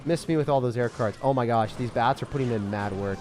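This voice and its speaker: A man giving excited, self-mocking commentary over his own gameplay, full of gamer slang, swinging from hype to groans. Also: mid-range voice, fast talker, few pauses, soft background music. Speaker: gaming creator.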